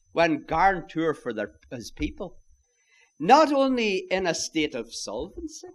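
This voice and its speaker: A man's voice: high voice, fairly bright tone. A man preaching a sermon, emphatic and earnest, often turning to his listeners as "my friends" and posing rhetorical questions.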